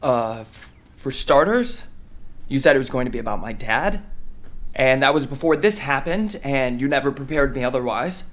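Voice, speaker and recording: A man's voice: mid-range voice, lively intonation, moderate pace, fairly bright tone, natural voice. A guarded young farmer, voiced by a man in an audio drama, with a mid-range voice. He answers in clipped, dry lines laced with sarcasm and holds back his resentment. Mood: aggrieved. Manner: curt, guarded, dryly sarcastic.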